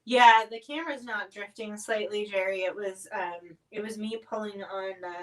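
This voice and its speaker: A woman chats casually through a home livestream, her talk broken by frequent throat-clearing and coughs from spicy food. She sits a little back from the microphone, so her voice sounds slightly distant. Her pitch stays middling for a woman. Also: normal speed. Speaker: livestream host reviewing spicy snacks.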